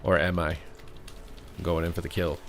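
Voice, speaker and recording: A young man streams a game live, keeping up a running stream of joking commentary. His voice sits on the low side. He teases his opponents with playful trash talk. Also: little pitch movement, moderate pace, faint music behind.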